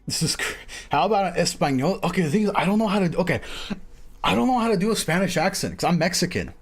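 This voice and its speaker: A man streaming a game, chatting casually in a rambling way, full of fillers and quick laughs. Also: high voice, big pitch swings, breathy edge, faint music behind. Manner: rambling, filler-heavy, laughs often, says "bro" and "freaking". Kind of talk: casual live-stream chat while playing.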